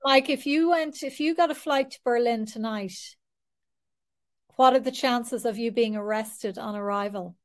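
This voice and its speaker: A woman's voice: a little high, normal speed. A woman hosting an interview, talking casually with many fillers. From Ireland. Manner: hesitant, fills with um and you know. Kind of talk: conversational interview.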